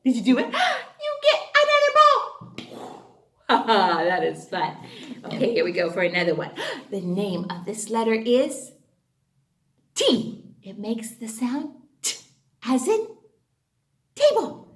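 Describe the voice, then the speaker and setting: A woman teaching a phonics lesson to young children, animated and sing-song, gasping and cheering often. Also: medium pitch, measured pace, pauses often, reverberant.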